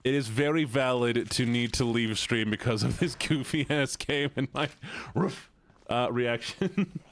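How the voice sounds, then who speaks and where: A man's voice: medium pitch, a little slow, slight background noise. A young man streaming a game live, chatting casually and playfully, laughing often and yelping at jump scares. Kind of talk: casual live-stream commentary while gaming.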